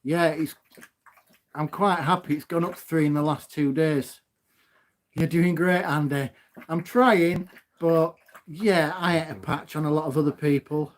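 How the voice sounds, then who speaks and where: A loud, gobby man chats on a live stream from his phone at home, laughing as he goes. His voice sits fairly high for a man, and he takes his time over the words. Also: steady tone, measured pace. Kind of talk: casual live stream chat.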